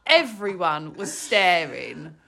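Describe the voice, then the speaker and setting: A woman co-hosting a podcast, chatting casually, playful and mock-indignant with quick comebacks. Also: fairly low pitch, very animated, vocal fry, pushed and bright. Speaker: podcast co-host. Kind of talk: casual chat.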